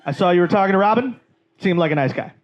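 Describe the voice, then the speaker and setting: Brief: stand-up comic impersonating a gangly, hyper comedian, shrill shouted bursts, muffled live recording. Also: male voice, expressive, fast, heavy background noise. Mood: playful. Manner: shouting, wild. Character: rubber-faced hyper famous comedian, impression.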